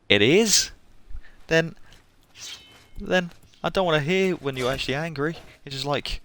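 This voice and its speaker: A man's voice: fairly high pitch, a little slow, long pauses, a bit bright. Chatty, laughing male game streamer. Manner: rambling, chatty, laughs often. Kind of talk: casual live game stream commentary.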